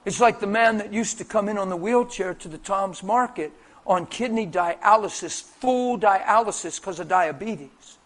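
Man preacher, very high voice, fervent testimony-style delivery, hushed to booming. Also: unhurried. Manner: impassioned, swings between hushed and booming. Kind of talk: testimony-style sermon storytelling.

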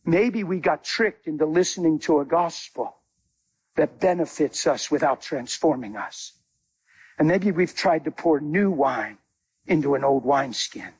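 A man preaching a sermon as a guest speaker, animated, telling stories with acted-out dialogue. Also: fairly high pitch, measured pace, breathy edge.

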